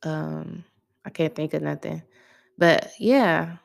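A young woman with a low, creaky voice takes it slowly as she hosts her own podcast. The solo chat is relaxed and conversational, with slangy, loose phrasing.

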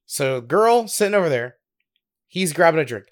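Young man with a lively, laughing delivery. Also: on the high side, normal speed. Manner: giggly, animated storyteller. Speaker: podcast co-host. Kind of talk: casual chat, storytelling.

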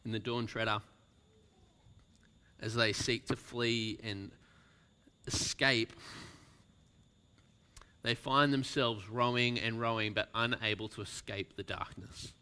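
A man preaching at a slow, deliberate pace, reading a story aloud to his congregation. His voice is bright and crisp, and he lets lines fall almost to a whisper for emphasis. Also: fairly low pitch, steady tone. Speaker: pastor. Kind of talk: sermon with a read-aloud story.

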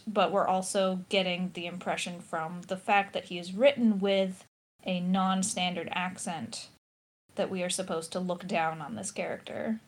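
An American woman in casual discussion, analytical and thinking aloud with restarts and fillers. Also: fairly low pitch. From United States. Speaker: podcast co-host.

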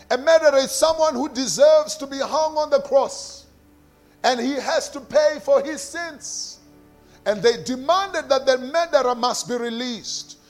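A man preaching a sermon who repeats key phrases and calls on the congregation to answer, swinging between shouting and quiet, sung lines. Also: extremely high pitch. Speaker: pastor.

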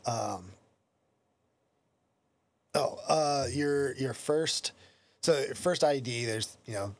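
A man hosting a casual podcast chat, hesitant and relaxed, laughing often. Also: medium pitch, slow pace, dry recording. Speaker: podcast host.

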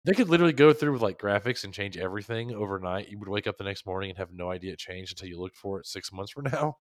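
Casual podcast co-host, male, animated, jokey, dry close mic. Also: fairly low pitch, quick pace, dry recording. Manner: animated, jokey, acts out quotes. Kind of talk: casual chat.

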